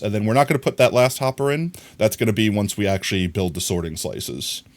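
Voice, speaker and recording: In a brisk, animated, fairly low voice with few pauses, a streamer works on a block-building game while casually reading chat, greeting viewers, and humming "bam bam" to himself. There's a little hiss or hum in the audio.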